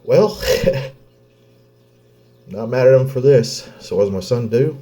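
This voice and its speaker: Tearful, cursing dad. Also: male voice, mid-range voice, mellow. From Oklahoma. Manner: blunt, heavy swearing, halting pauses. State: close to tears. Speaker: vlogger, father. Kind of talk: emotional personal vlog.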